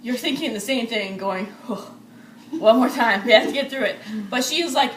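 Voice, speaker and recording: A woman's voice: a little high, a little fast, far from the mic. A young woman vlogger eagerly retelling a story to her friends, laughing often as she talks. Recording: echoey room with faint noise.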